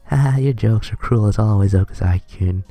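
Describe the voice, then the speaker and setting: A man's voice: lowish voice, moderate pace, mellow, no room sound, faint music behind, natural voice. A man voicing a brash, whiny young male student who pleads and fawns over his friend. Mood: fawning. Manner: pleading, eager to please.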